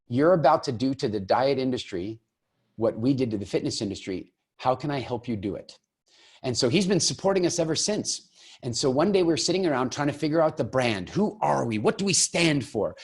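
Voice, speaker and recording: A middle-aged man giving a persuasive masterclass talk, lively and storytelling. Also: mid-range voice. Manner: enthusiastic storyteller, acting out quoted exchanges. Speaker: program founder giving a masterclass.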